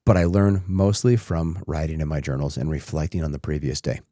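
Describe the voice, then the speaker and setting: A man's voice: very deep voice, fairly even intonation, brisk, mellow, dry recording, clean studio sound. A man in his thirties hosting a podcast, telling a personal story in a reflective way that turns emotional and tearful. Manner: reflective, becomes emotional and tearful while recounting. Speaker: podcast host.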